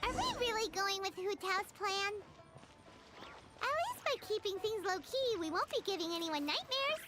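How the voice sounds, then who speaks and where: Paimon, a squeaky fairy sidekick. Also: female voice, big pitch swings, normal speed. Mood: doubtful. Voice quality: high, squeaky and childlike. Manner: blunt, nosy questions. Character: tiny floating female companion creature, blunt and curious. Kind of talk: video game dialogue. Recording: game audio under loud music.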